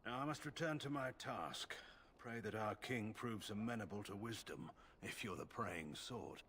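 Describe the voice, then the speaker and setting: Field: a man playing a stern royal general. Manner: cool, measured. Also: on the low side, a bit bright, a little hiss or hum, close to an everyday voice. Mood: cool, condescending. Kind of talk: video game voice acting.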